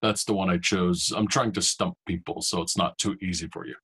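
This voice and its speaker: A man in his forties co-hosts a casual podcast chat. He has a low, husky voice and talks in a relaxed, hesitant way, filling gaps with uhs. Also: a little fast. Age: 40s. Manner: hesitant, many uhs, laid-back. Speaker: podcast co-host.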